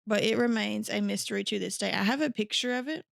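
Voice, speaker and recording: A woman's voice: medium pitch, fast, creaky, dry recording, clean studio sound. A woman co-hosting a podcast, chatting in a giggly, rambling, self-deprecating way. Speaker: podcast co-host. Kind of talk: casual chat.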